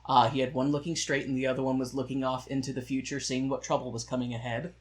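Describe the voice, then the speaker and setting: A man's voice: mid-range voice, flat delivery, quick pace. A man co-hosting a podcast, chatting casually about musicals in a joking, sarcastic way, telling stories full of asides. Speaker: podcast co-host. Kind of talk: casual chat reviewing musicals.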